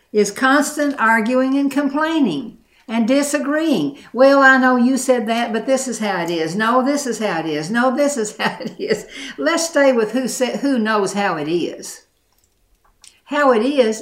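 A middle-aged woman preaching a sermon, earnest and emphatic, repeating her key phrases. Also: a little high. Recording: echoey room.

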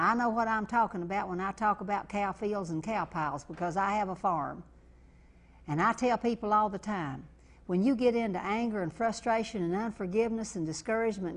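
Fervent Kentucky woman preacher. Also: mid-range voice. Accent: Eastern Kentucky. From Eastern Kentucky. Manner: fervent, building to loud declarations; slow emphatic repetition. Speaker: televangelist. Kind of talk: preaching and fundraising appeal.

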